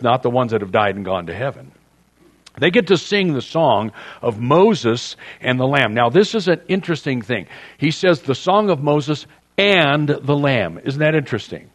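Joking, conversational male preacher. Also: mid-range voice. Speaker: pastor. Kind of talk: sermon.

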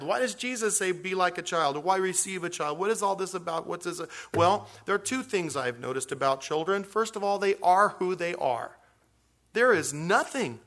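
A man preaching to his church in a lively, conversational way, breaking into quick acted-out voices and jokes. His voice sits a little high for a man and swings widely in pitch as he goes. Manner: animated, acts out quotes with big pitch swings; conversational, jokey asides. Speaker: pastor. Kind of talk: sermon.

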